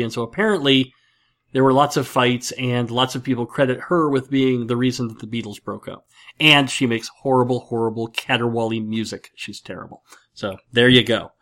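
A man hosting a casual podcast, rambling and self-mocking, with lots of fillers. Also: mid-range voice. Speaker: podcast host.

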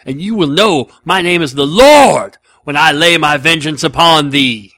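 A man putting on the voice of a fierce hitman reciting scripture, building from measured menace to booming fury. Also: expressive, bright, forceful tone, no room sound, heavily acted. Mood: menacing, thundering.

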